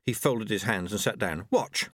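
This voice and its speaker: Reading a novel aloud from a script, this male audiobook narrator tells the story expressively. His voice is mid-range and unhurried, with no room sound and clean studio audio.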